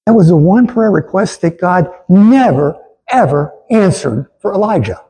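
A male pastor preaches with earnest conviction, stumbling over his words and starting sentences again. His voice is husky and mellow, and sits a little higher than most men's. He calls on the listeners to say the lines back to him. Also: expressive, a little slow, rough recording. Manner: earnest, stammering restarts, calls for congregation response. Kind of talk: sermon.

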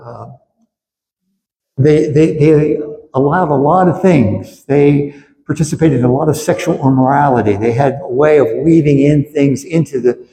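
A man's voice: a little high, dark tone. Earnest male pastor preaching in an echoey hall. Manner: earnest, repeats words, rises to emphatic peaks. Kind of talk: sermon. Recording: echoey hall with faint ambience.

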